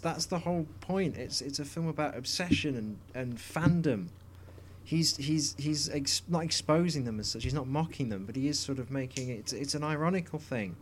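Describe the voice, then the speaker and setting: A man's voice: fairly high pitch, moderate pace, slight background noise. Man rambling on a podcast. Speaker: podcast co-host. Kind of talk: casual chat.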